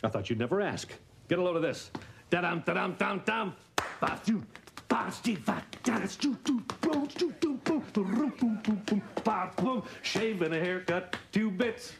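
A man plays a washed-up older comedian, quick with a gag and stumbling over his words when nervous. His voice sits a little high and swings widely in pitch. It comes through as a hissy old sitcom recording. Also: expressive, close to an everyday voice. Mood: joking. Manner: wisecracking, eager, stammers when nervous. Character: washed-up older male stand-up comic, brash joker. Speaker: sitcom character. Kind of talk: 1980s sitcom acting.

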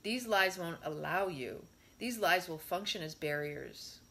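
A woman reading a spiritual discourse aloud in a measured way, stressing her rhetorical questions. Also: on the low side, lively intonation, bright, forceful tone.

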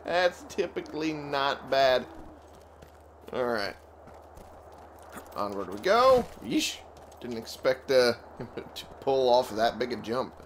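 A drowsy man talks his way through a video game, grumbling and cursing at it in a slow, unhurried drawl. His pitch still jumps about a lot as he reacts. Steady background noise sits under the voice. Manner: chatty, swears, grumbles at the game. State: sleepy, yawning. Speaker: let's play gamer. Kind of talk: casual gameplay commentary.

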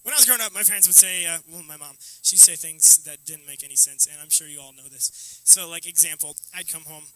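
Young man, stage host, high voice, very bright tone, loud joking banter. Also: brisk, rough recording. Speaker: talent show host. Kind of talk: live stage comedy hosting.

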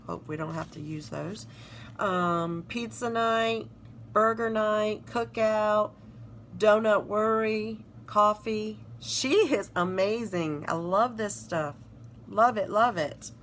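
A woman's voice: medium pitch, slight background noise. A woman from South Carolina with a Southern accent, casually showing off planner stickers and gushing over them. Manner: gushing, reads sticker phrases aloud. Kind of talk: casual show-and-tell narration.

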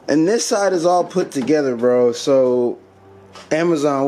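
A man's voice: fairly high pitch, expressive, unhurried, mellow, slight background noise. A man vlogging a car modification, talking casually to viewers and sounding exasperated. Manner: frustrated, exasperated, laughing it off. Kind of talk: casual vlog.

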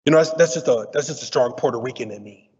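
A middle-aged man giving a lively, teasing conference talk to an audience. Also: medium pitch, fast, slightly rough. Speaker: diversity speaker. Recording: muffled audio in a reverberant hall.

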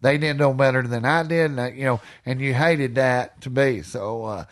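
Energetic man spinning hunting yarns. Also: mid-range voice, normal speed. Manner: energetic storyteller who swears freely. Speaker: podcast guest. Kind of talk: casual storytelling chat.

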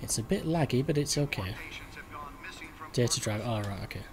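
A man's voice: mid-range voice, animated, normal speed. Rambling man commenting on a game. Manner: rambling, musing aloud while playing. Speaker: gaming video host. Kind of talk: casual let's play commentary.

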